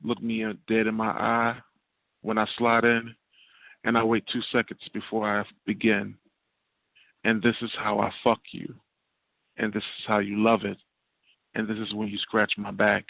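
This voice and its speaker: A guest poet calls in by phone to perform spoken word in a rhythmic, repetitive cadence. His lowish, gravelly voice is monotone at a normal speed, with frequent pauses, over a tinny, dry line with no echo.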